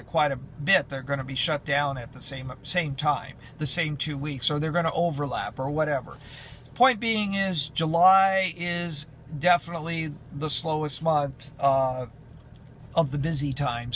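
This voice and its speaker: A man's voice: fairly high pitch, fairly bright tone, slight background noise. A man who drives runs chatting casually in a vlog update, rambling with many fillers and restarts. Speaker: truck driver vlogger.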